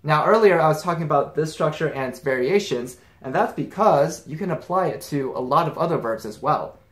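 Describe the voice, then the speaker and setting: A man's voice: fairly high pitch, lively intonation, fairly quick. A man teaching a casual grammar lesson, explaining step by step with examples. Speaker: language teacher. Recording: roomy echo.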